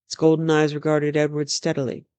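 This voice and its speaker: Fantasy read-aloud narrator, steady and measured, close dry sound. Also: mid-range voice, clear, resonant tone, no echo. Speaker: storyteller. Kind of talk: reading a fantasy novel aloud.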